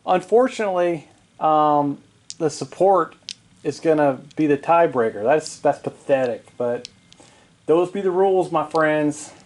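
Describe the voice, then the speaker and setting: Excitable man calling tabletop dice rolls. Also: medium pitch. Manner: excitable, swears and jokes at his own dice rolls. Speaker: wargaming hobbyist narrating a battle report. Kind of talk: casual play-by-play of a tabletop wargame. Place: home basement.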